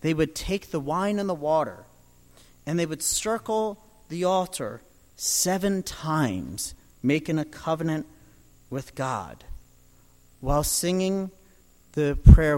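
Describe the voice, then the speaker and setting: Man, preacher, sermon, high voice, unhurried, dramatic swells, long hall reverb. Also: very animated. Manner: dramatic, rising to loud proclamations.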